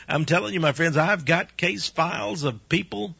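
An older man preaching a chatty radio sermon, laughing often and telling stories with animated ups and downs. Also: on the high side, creaky, breathy edge, dry recording. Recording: dull, lo-fi dry radio recording.

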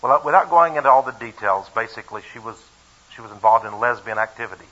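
A man's voice: mid-range voice, lively intonation, quick pace, a bit bright. A man preaching a sermon before a live congregation, reading scripture and telling a personal story, emphatic and fond of rhetorical questions and repeated phrases. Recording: dull lo-fi recording.

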